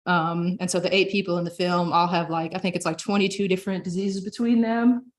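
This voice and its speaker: Chatty young woman with a low voice. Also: steady tone, a little fast. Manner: chatty, frequent filler words. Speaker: presenter. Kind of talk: casual presentation.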